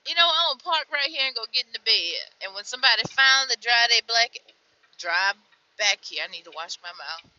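A young woman truck driver venting from her cab in a vlog, weary and frustrated, dropping to tired mutters and then flaring up loud. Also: fairly high pitch, animated, brisk, no echo, lo-fi sound.

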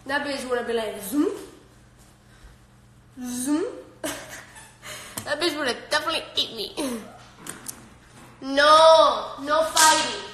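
A woman's voice: high voice, sharp tone, slight background noise. A woman hosting a casual live stream on her phone at home, brash, profane and laughing often as she chats and talks to her dogs. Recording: echoey room.

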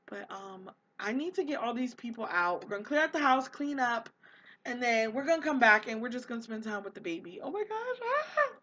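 A woman hosting a casual gameplay commentary, excitable and gushing, slipping into quoted voices for the characters. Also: on the high side, a little fast, lo-fi sound. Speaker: let's play host.

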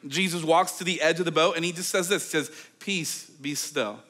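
Man, pastor, sermon, bright forceful voice, animated storyteller, chatty fillers. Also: on the high side, fast talker. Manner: conversational, with many fillers like "like" and "okay".

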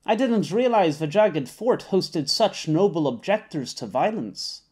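A man's voice: sits high, expressive, a little slow, darkish tone, breathy edge, voice pushed up, exaggerated voice. A smug, money-driven captain, played by a man reading an audiobook, speaking in a lifted, oh-so-pleasant voice with a sardonic edge. His politeness sounds plainly put on. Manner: smarmy, falsely pleasant. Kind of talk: audiobook character voice.

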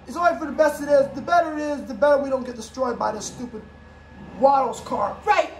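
Very high-voiced woman, echoey room. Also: fast. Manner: switches voices, bursts into shouts. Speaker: home video creator. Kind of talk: improvised toy play voicing several characters. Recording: echoey room with faint background noise.

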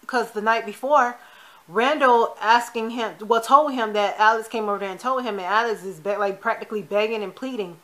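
A woman's voice: on the high side, fairly quick, bright, forceful tone. A woman chatting casually as she recaps a TV episode, opinionated and quoting the characters as she goes. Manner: chatty, opinionated retelling of scenes; quotes the characters in passing. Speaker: TV recap vlogger.

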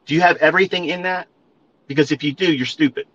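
A man's voice: fairly high pitch, quick pace, fairly bright tone, lo-fi sound. A man ranting at listeners on a live audio stream, profane and emphatic, repeating his points and calling them folks. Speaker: trading educator.

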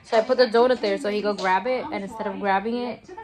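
A woman's voice: medium pitch, fairly even intonation, quick pace, music in the background. A young woman from the Dominican Republic vlogging casually on a handheld phone in stores and on the street, talking in a blunt, profane, chatty way. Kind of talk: casual vlog narration. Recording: phone audio with loud public background noise.

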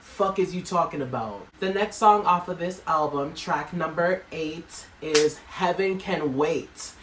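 A woman reacting to an album for her channel, loud and dramatic, swearing freely and exclaiming at every track. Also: low voice, a little slow, a little hiss or hum. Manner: brash, profane, dramatic exclamations. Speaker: music reaction YouTuber. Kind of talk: music reaction vlog. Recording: roomy echo, faint music behind.

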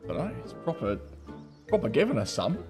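A man's voice: mid-range voice, sing-song, brisk, over music. A man playing an online game with friends, mocking an angry kid in voice chat and laughing at him. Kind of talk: gaming voice chat.

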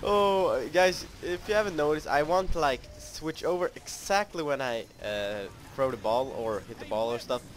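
A man's voice: medium pitch, normal speed, hardly any pauses, background noise. A young man giving live commentary over his own gameplay, frustrated, swearing and mocking his own skill in rambling talk.

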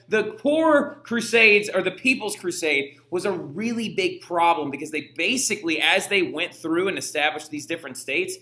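A man's voice: a little high, sharp tone. A young male history teacher giving a casual, chatty lecture, often checking in with "right?". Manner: chatty, slangy, frequent "right?". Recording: echoey room.

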